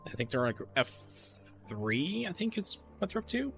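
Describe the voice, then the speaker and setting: A man's voice: on the high side, sing-song, moderate pace, gravelly, a bit bright, soft background music. A man in his forties chatting casually while streaming a game, telling a long story with lots of uhs and restarts. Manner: rambling storyteller with many fillers. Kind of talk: casual chat while gaming.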